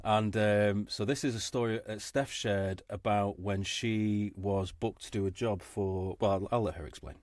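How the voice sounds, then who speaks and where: A man co-hosting a podcast in a jokey, animated way. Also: fairly low pitch, moderate pace, few pauses, no echo, clean studio sound. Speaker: podcast co-host. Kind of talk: casual podcast chat.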